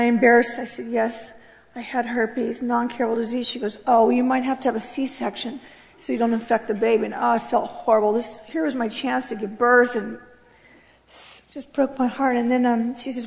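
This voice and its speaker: Woman, middle-aged, high voice, animated testimony, long hall reverb. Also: creaky. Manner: animated, acts out voices in her story. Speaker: testimony speaker. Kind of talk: spoken testimony sermon.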